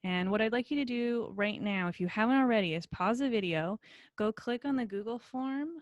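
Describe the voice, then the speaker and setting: Recording a video lesson from her computer, a college instructor speaks in a fairly high voice at a fairly quick clip. She's friendly and encouraging, using lots of relaxed fillers. The audio is close and dry, with no room sound and the highs cut off.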